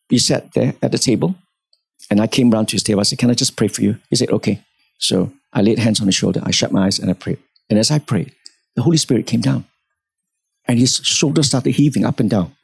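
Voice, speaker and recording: A man preaching a sermon in church, telling a story with animated delivery and acting out the people in it. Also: medium pitch, vocal fry, husky, no echo. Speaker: pastor.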